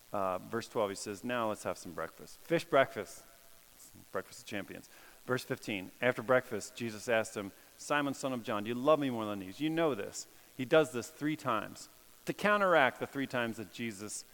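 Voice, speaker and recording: A man preaching a casual, animated sermon, acting out quotes and laughing at his own jokes. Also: mid-range voice. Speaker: pastor. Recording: long hall reverb.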